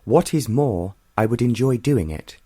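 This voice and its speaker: A male audiobook reader voicing a spirited, quick-tempered young woman who answers with sharp, scornful retorts. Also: medium pitch, expressive, slightly rough, no echo, pitched above the performer's own voice.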